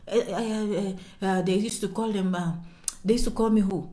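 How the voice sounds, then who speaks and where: A woman's voice: mid-range voice, normal speed. A woman explaining immigration news to her viewers in a casual way. She keeps asking "okay?" and drops into half-whispers for sensitive points. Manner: checks in with "okay?" constantly; animated, swings between loud and soft. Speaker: immigration vlogger.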